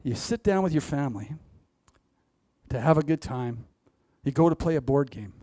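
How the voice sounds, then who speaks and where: A man addresses the audience head-on during a motivational stage talk, laughing along with his own jokes. His fairly high, dark-toned voice has lively intonation at a normal speed, in a dry, clean studio recording.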